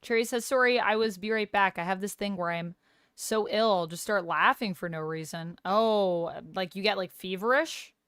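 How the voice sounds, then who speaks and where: A woman streamer talks casually with her chat, reading messages aloud and answering them one by one. Her voice is smooth and clean, at a middle pitch. The sound is dry and close, with no room in it. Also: normal speed, fairly bright tone, no room sound. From Canada. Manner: reads out chat and chats back, tries out phrases with a light laugh.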